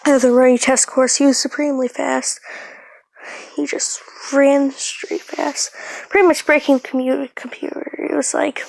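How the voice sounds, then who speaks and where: A woman's voice: high-pitched, flat delivery, normal speed, gravelly, darkish tone, dry recording. Rambling woman retelling a fan story. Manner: rambling, hesitant, many fillers and restarts.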